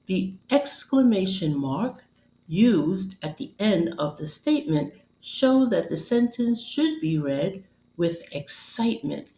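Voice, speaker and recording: A woman reads a scripted grammar lesson at a slow, careful pace, spacing out each phrase. Her voice sits a little low and carries a roomy echo around it. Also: dark tone, slight background noise. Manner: measured, deliberate, instructional. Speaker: teacher.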